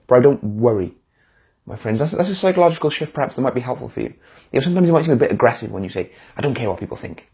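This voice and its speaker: Man, motivational speaker, live-stream pep talk, husky, dark mellow tone. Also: mid-range voice. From United Kingdom. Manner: warm, encouraging, addresses viewers directly.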